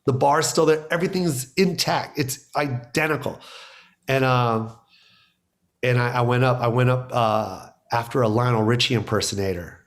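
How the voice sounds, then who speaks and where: Lively man telling comedy stories. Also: mid-range voice, moderate pace. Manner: excited storyteller, acts out quotes, laughs often. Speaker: guest, stand-up comedian. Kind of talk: animated storytelling in casual chat.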